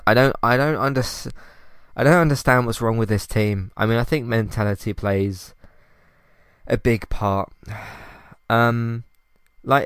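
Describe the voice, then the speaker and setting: A man's voice: on the low side, clear, resonant tone, no echo, studio quality. A man hosting a casual solo podcast, rambling and exasperated, sighing and restarting his sentences. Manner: frustrated, rambling, many restarts and sighs. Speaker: podcast host.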